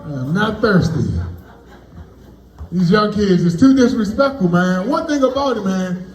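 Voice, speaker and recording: A man performing stand-up comedy at a party, delivering loud, animated punchlines and bantering with the crowd. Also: sits high, moderate pace, reverberant, rough recording. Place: party venue, indoors.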